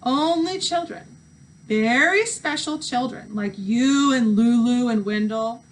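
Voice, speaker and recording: A woman's voice: on the high side, slow pace, far from the mic, slight background noise, poor audio. A woman voicing a motherly older housekeeper, kind but secretive, in a read-aloud storybook. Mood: kindly.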